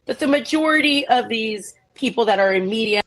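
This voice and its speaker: A woman's voice: on the high side, lively intonation, fairly quick, a bit bright, rough recording. A woman giving casual political commentary in a pointed, emphatic way.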